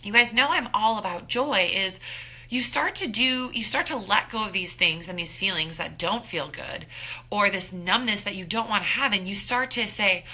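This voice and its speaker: A woman in her thirties giving an upbeat, animated motivational talk as a wellness coach, acting out her own thoughts. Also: medium pitch, moderate pace.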